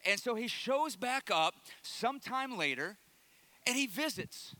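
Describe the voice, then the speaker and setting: Male preacher, sermon, humorous animated storytelling, high pitch, bright tone. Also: unhurried, no echo.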